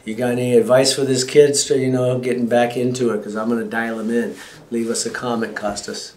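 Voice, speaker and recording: Chiropractor in a roomy clinic. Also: male voice, mid-range voice, little pitch movement, brisk, darkish tone. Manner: casual, joking, talks as he shows. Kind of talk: explaining x-rays and an exam to a patient. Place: clinic exam room.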